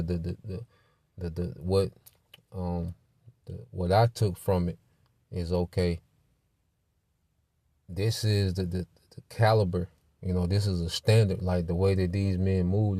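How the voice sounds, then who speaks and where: A man's voice: sits low, warm tone, no echo. A man teaching a church Bible lesson in a conversational way, full of "you know" and "man".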